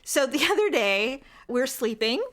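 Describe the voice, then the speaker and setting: A middle-aged woman co-hosting a podcast in casual chat, an animated storyteller who acts out quotes in a high voice. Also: measured pace. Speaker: podcast co-host.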